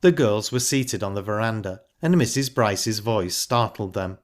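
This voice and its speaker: A man reading a novel aloud as audiobook narrator in a measured, plain storytelling way. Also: lowish voice, lively intonation. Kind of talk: scripted narration.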